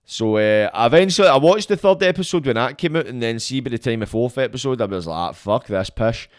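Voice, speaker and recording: A man's voice: medium pitch, animated, quick pace, smooth, no echo. Scottish man, young adult, blunt and sweary, storytelling, very dry close sound. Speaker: podcast guest. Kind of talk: casual storytelling.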